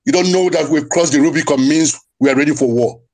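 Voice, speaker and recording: A man delivers a fiery speech to an online audio room. His voice sits a little high and climbs toward shouting as he pushes his point. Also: quick pace. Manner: mocks others in quoted voices. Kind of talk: impassioned speech.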